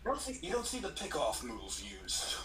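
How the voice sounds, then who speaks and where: A man's voice: medium pitch, huge pitch swings, normal speed, a crowd in the background, low-quality recording. A man co-hosting a casual live chat, complaining bluntly about a baseball team and swearing freely. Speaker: podcast co-host.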